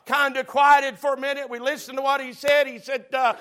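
A man's voice: extremely high pitch, steady tone, brisk, few pauses, fairly bright tone. A man preaching a sermon, telling a story and building to fervent call-outs to the congregation.

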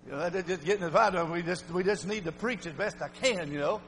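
An older man preaching an emphatic revival sermon, swinging from shouts to low muttering. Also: fairly quick, in a large hall, a little hiss or hum, low-quality recording.

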